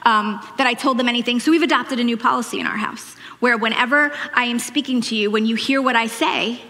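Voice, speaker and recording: Loud, bright-voiced woman preaching, faded Long Island accent. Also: a little high, brisk, long reverb tail. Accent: faded Long Island New York. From Long Island, New York. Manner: loud, chatty, self-deprecating. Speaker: church speaker. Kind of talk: sermon. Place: church stage.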